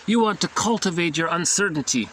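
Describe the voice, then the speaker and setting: A man's voice: fairly high pitch, animated, fairly quick, a bit bright, slight background noise, voice pushed up. A man reading the complaints of a jealous, exasperated husband in therapy, in an emphatic voice.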